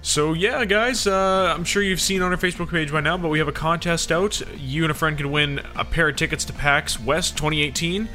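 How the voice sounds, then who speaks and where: A man hosting a gaming podcast in a casual, upbeat way, often filling pauses with "uh." His voice is bright and forceful at a middle pitch. Faint music sits behind him. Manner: upbeat, chatty, laughs easily, frequent "uh"s. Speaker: podcast host. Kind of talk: casual chat.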